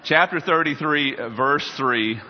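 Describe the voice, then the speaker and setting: A pastor delivers a sermon. His voice swells loud and high on scripture, then drops low and quiet for asides. The recording sounds dull and lo-fi. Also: measured pace, a faint crowd.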